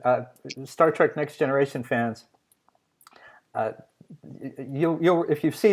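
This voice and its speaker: A man hosting a casual interview, talking in a chatty, joking way with plenty of fillers. His pitch is ordinary for a man. He moves easily between banter and questions. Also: a little mellow. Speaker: interview show host.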